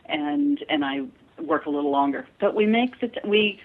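A woman's voice: medium pitch, very animated, normal speed. A woman guest chatting in an interview, telling stories in a chatty way and laughing often. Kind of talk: casual interview chat. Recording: tinny phone line.

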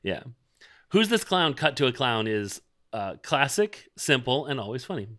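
Bright-voiced chatty man. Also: mid-range voice, moderate pace. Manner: chatty, rambling, filler-heavy. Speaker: podcast co-host. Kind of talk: casual chat recapping a TV episode.

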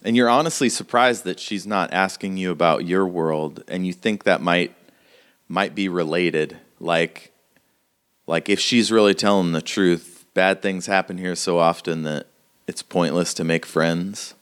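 A man's voice: sits low, measured pace, a bit bright, clear, resonant tone. A man narrating casually as game master of a tabletop role-playing game.

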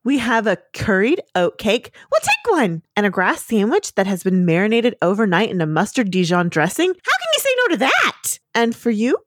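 Brief: earnest young cartoon pony chef, polite, lively pitch, read by a woman, dry sound. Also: normal speed, hardly any pauses, no echo. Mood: eager. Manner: polite and eager.

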